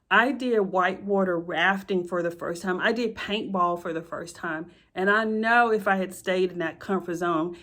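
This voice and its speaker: Earnest storytelling woman, fairly low voice. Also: fairly bright tone. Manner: chatty, keeps addressing listeners directly; emotional and earnest, repeats herself for emphasis. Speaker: sixth grade teacher. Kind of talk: personal storytelling to listeners.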